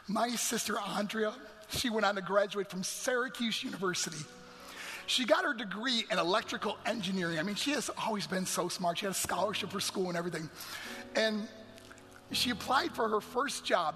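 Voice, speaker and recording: High bright-voiced earnest male speaker. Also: a little hiss or hum. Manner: earnest, dropping to hushed near-whispers. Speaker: motivational speaker. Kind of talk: emotional personal storytelling talk. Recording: long hall reverb, faint music.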